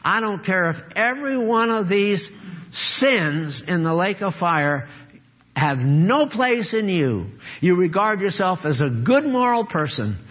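An older man preaching a sermon, earnest and emphatic, dropping low and grave, then rising to exhort. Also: very animated, unhurried, dull audio.

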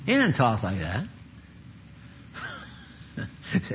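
Older man preaching folksy, husky voice. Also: on the high side, very slow, long pauses. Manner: folksy and chuckling, jumps into animated bursts. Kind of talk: informal sermon. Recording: dull lo-fi recording.

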